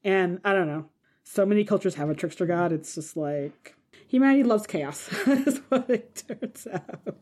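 A woman at a middle pitch, chatting as a podcast co-host. She talks in an animated, playful way and laughs readily between thoughts. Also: moderate pace. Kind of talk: casual podcast chat.

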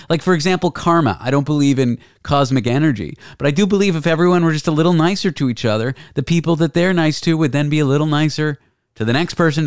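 Smooth-voiced skeptical male host. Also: mid-range voice, dry recording, studio quality. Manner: skeptical, reasoning things out at length. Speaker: podcast host. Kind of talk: casual conversation.

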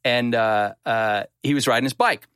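A man's voice: medium pitch, moderate pace, fairly bright tone, smooth, no echo, studio quality. A man in his fifties, co-hosting a show and telling a long rambling story in a casual, self-deprecating way, with many restarts. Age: 50s.

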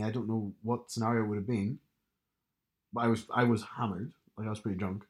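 A man's voice: medium pitch, fairly even intonation, fast. A man co-hosting a podcast, chatting casually with dry, teasing humor. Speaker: podcast co-host. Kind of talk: casual chat.

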